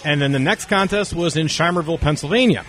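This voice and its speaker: A man's voice: on the high side, fast talker. A man in casual conversation telling long stories, acting out the dialogue of the people in them. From North Carolina. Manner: animated, acts out quoted dialogue. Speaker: interview guest. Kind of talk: casual storytelling.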